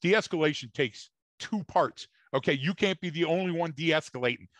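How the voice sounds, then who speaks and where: A man's voice: on the high side, normal speed, fairly bright tone, dry recording. A man co-hosting a podcast, telling stories in an emphatic, repetitive way in casual chat. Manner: emphatic, storytelling, repeats words. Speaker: podcast co-host.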